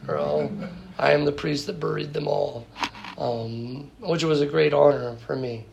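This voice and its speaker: A man who is a priest talking in an interview conversation, halting and full of fillers and restarts. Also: mid-range voice, very animated, creaky, darkish tone, rough recording. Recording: noticeable background noise.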